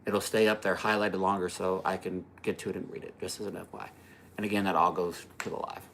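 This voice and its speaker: A man's voice: low voice, level tone, fast talker, creaky, fairly bright tone, slight background noise. A man hosting a casual livestream, rambling through a story, laughing at his own jokes and answering viewer comments. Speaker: livestream host.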